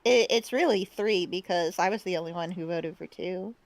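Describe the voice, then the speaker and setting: A woman's voice: on the low side, moderate pace. A woman joining a casual gaming stream over a headset, teasing and giggly. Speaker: co-player in a group stream. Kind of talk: casual group gaming chat.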